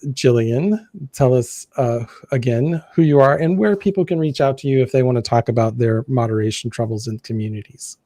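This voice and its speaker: A man's voice: medium pitch, mellow, no room sound. An American man hosting a live online chat, talking casually and rambling as he corrects himself. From United States. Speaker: livestream host.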